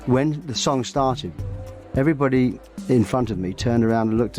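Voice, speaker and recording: An older man recalling stories in a relaxed interview. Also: medium pitch. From England. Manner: brisk anecdotal, acts out quoted voices. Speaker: interviewee musician. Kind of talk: reminiscing interview. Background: faint music.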